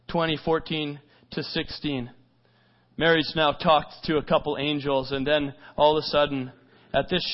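High-voiced man preaching a sermon. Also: lo-fi sound. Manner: swings between loud urgent stretches and hushed quiet ones; asks repeated rhetorical questions. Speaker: pastor.

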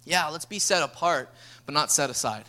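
A young man, preaching a lively sermon as a pastor and acting out stories. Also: a little high, moderate pace. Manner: energetic storytelling preacher, acts out dialogue.

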